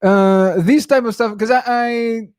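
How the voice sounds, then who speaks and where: A man's voice: very high voice, fairly even intonation, unhurried. A young man who teaches guitar, chatting casually on a live stream Q&A and rambling with frequent chuckles. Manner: rambling, self-interrupting, chuckles often.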